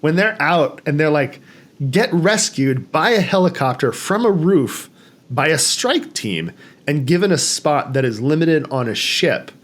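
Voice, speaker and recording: Speaking at a measured pace in a fairly high voice, a man discusses a movie casually on his podcast. He animatedly acts out the characters' quoted lines, raising his voice for them.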